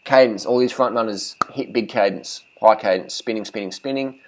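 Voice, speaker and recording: A man's voice: on the low side, normal speed, rough recording. A man talking casually as a cycling vlogger, giving blunt and profane riding tips, and repeating phrases for emphasis.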